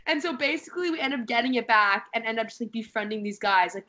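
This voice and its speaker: A woman's voice: fairly high pitch, animated, a little fast, pushed and bright. A young woman co-hosting a casual podcast, telling a story animatedly with lots of fillers. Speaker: podcast co-host.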